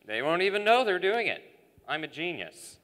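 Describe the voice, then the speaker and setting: A man's voice: high voice, very animated, normal speed, a bit bright. A teenage actor playing a scheming, bossy male saloon owner on a church stage. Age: teens. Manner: blustering and commanding. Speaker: student actor. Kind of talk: live stage acting. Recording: long hall reverb.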